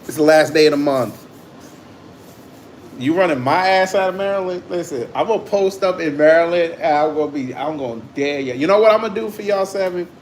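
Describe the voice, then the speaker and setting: A man's voice: on the high side, fairly quick, slight background noise. Teasing New man with a laugh. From New York. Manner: teasing, slangy, laughs often. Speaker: livestream host. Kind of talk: casual livestream banter with chat.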